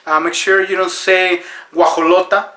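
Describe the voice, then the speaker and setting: A man hosting a deadpan mock tutorial, earnest and full of fillers. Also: high voice, normal speed, reverberant. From Mexico. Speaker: comedy video host.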